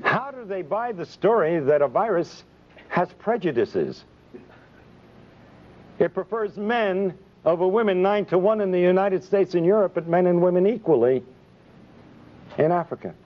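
A man's voice: sits high, animated, moderate pace, pauses often. A man, a physician, giving an impassioned public speech full of indignant rhetorical questions and sarcasm. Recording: dull lo-fi recording.

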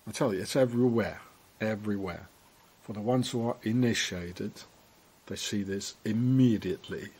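A man's voice: on the low side, normal speed, darkish tone, breathy edge. A man vlogging on a walk around town, rambling in a conspiratorial way as he points things out to a handheld camera. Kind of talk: walking commentary to camera.

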